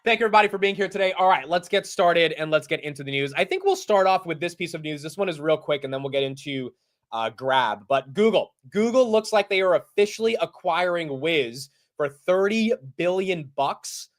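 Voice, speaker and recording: A man's voice: a little high, animated, moderate pace. A young man hosting a live market show, chatting casually with viewers, greeting them by name and saying "dude" and "like" a lot. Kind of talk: casual livestream chat.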